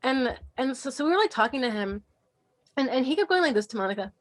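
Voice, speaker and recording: A woman's voice: sits high, fast talker. Young woman telling a party story. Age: young adult. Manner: animated storyteller, acts out quotes, frequent "like". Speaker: podcast co-host. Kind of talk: casual chat.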